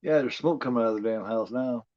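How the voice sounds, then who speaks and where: Casual male horror watch-along host, swears a lot and rambles excitably, mid-pitched voice, dry lo-fi sound. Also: fast, no echo. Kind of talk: casual live movie commentary. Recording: dull lo-fi home recording.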